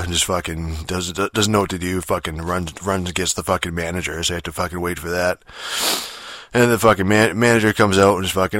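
Deep-voiced young man on a rambling rant. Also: steady tone, quick pace, a bit bright, dry recording, studio quality. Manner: rambling and profane, full of fillers; exasperated and annoyed. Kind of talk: casual rant telling a story.

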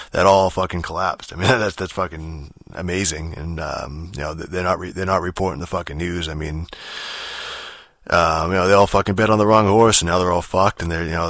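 A man's voice: sits low, level tone, brisk, a bit bright, no echo, studio quality. A man in a casual, rambling rant, swearing in almost every phrase and padding it with fillers and restarts.

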